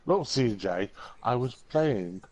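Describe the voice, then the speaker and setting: A man's voice: medium pitch, animated, slow, darkish tone. Man, crude mocking banter on a stream, faint hiss. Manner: profane, teasing. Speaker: livestream chatter.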